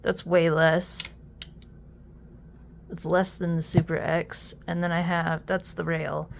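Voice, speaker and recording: A young adult woman chatting casually while unboxing a fidget toy, easily amused and quick to exclaim. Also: fairly low pitch, little pitch movement, vocal fry, a little hiss or hum.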